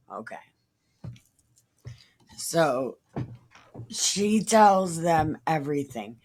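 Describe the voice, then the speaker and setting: A woman reading a Bible passage aloud and breaking off into profane, confused, deadpan asides. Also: deep voice, slow pace. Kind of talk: irreverent casual Bible reading with commentary.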